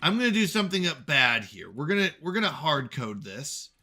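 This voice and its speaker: A man's voice: fairly high pitch, sing-song, a little fast, bright, forceful tone, soft background music. A man streaming a puzzle game, talking to himself and his chat in jokey, self-scolding asides. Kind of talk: live game commentary.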